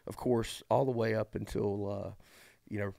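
A middle-aged man, a college baseball coach telling his story as a podcast guest in a folksy, animated way full of fillers and restarts. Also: on the low side, moderate pace, gravelly, dry recording. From eastern North Carolina. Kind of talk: casual storytelling conversation.

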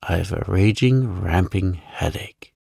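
A man's voice: fairly low pitch, a little slow, gravelly, a little mellow, no room sound, clean studio sound. A man voicing a solemn, weary middle-aged farm aunt in a sleep story.

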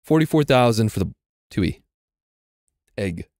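A man's voice: medium pitch, very animated, measured pace, darkish tone, dry recording, studio quality. Swearing, joking young male game streamer. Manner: jokey, swears a lot, thinks aloud mid-fight. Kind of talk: live gameplay commentary.

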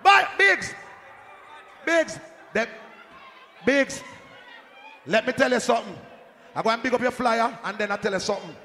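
Rowdy Jamaican selector shouting on the mic. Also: male voice, very high-pitched, expressive, normal speed, pauses often. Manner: shouting, rowdy, joking with the crowd. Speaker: dancehall sound system selector on the mic. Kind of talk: live hype talk at a dance. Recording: echoey hall, faint crowd noise.

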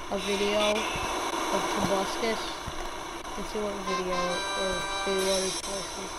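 Woman gamer just rambling slow, yelps when she dies, lotsa noise behind her. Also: medium pitch. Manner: rambling, yelps and shouts at game deaths. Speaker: gameplay video host. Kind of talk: casual gameplay commentary. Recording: loud background noise.

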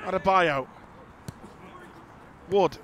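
A man commentating on football match highlights, calm between chances and jumping up loud at goals. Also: extremely slow, a little hiss or hum. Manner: rises sharply and loud when goals go in. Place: outdoors at a windy football ground.

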